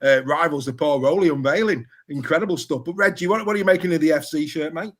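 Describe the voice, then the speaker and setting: A man's voice: on the high side, quick pace. A man hosting a casual rugby panel chat, teasing his co-hosts with jokey banter. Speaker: host.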